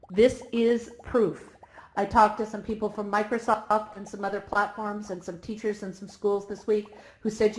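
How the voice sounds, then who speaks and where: A woman speaking as organizer at a conference closing ceremony, excited and emotional, laughing often. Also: medium pitch. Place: virtual reality event.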